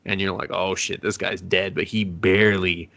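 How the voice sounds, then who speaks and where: A man's voice: low-pitched, little pitch movement, normal speed, vocal fry, a bit bright, highs cut off. A man co-hosting a casual movie review podcast, laughing often and swearing as he quotes characters.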